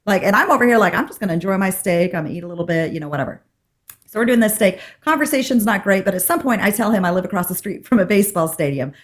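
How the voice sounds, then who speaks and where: A woman of middle pitch co-hosts a podcast and tells a story in a casual chat. She is animated and acts out the other people's lines as she goes. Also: very fast. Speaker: podcast co-host.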